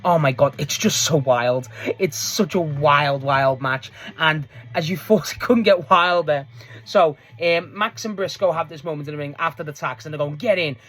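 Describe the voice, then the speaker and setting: A wrestling show reviewer gives a loose, rambling recap of a match, swearing freely, laughing a lot and often restarting sentences. The voice sits in the mid range with a fairly bright tone, at a normal speed.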